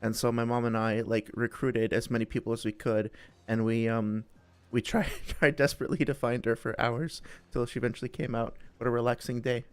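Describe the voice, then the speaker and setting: A man's voice: medium pitch, fairly even intonation, a little fast, clean tone. A young man hosting a live stream, chatting casually with viewers in a friendly, rambling way, full of fillers and restarts. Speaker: streamer host.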